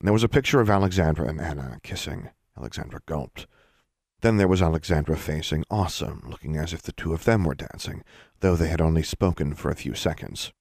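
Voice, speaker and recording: A man narrating a story in a measured, expressive way, recorded on a close mic. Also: a bass voice, vocal fry, no room sound. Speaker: audiobook narrator.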